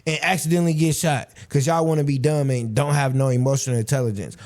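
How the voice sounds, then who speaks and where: Animated storytelling man in his thirties. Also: mid-range voice, fast talker. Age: 30s. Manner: animated storytelling, acts out quoted voices. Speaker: podcast host. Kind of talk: casual conversational interview.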